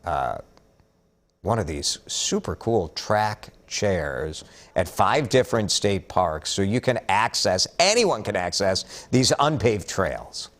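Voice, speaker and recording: A man's voice: lowish voice, sing-song, slow pace, fairly bright tone. A man hosting a casual morning news update, chatty and upbeat, reading out viewer comments with joking asides.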